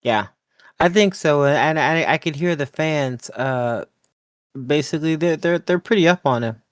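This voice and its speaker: A mid-pitched podcast co-host chatting about wrestling, laughing often and acting out what the wrestlers said. The voice sits close to a dry mic with no room sound. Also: moderate pace, smooth, dry recording. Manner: laughs easily, animated retelling with mock quotes. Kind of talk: casual wrestling recap chat.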